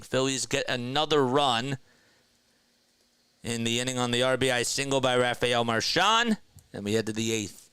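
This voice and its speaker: A young man doing live baseball play-by-play on a close mic, his voice bright and forward with a smooth, crisp ring. He climbs high and loud when a play turns exciting, then settles back low and relaxed to talk with his viewers. The sound is dry and close, with no room in it. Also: moderate pace, no room sound. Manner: rises sharply in pitch and volume on big plays, calm and low when reading chat. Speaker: play-by-play host of an online stream.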